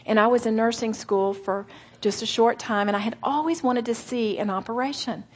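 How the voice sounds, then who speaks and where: A middle-aged woman preaching earnestly to a women's gathering, slowing for emphasis and dropping to soft whispered asides. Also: on the high side, breathy edge. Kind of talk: sermon.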